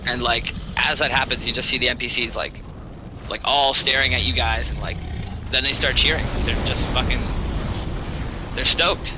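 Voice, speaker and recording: A man's voice: medium pitch, steady tone, normal speed, background noise. A man narrating a tabletop game as game master, casual and rambling with many fillers.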